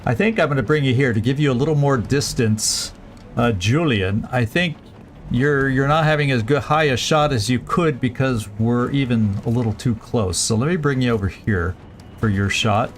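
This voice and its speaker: A man's voice: mid-range voice, normal speed, slight background noise. A man streaming a strategy game, thinking aloud through each move with plenty of fillers and restarts. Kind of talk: casual let's-play commentary.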